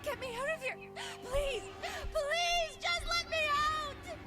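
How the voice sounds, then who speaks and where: A woman's voice: very high-pitched, slow, bright, forceful tone, full character voice. A woman voicing a frightened, fragile young woman in a video game, pleading in a trembling, anguished voice. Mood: frantic. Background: game music.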